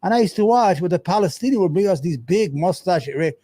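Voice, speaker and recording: A man's voice: sits high, lively intonation, fast talker, mellow, no echo. A man hosting a show, giving heated, profane, rambling commentary on a news clip. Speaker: show host.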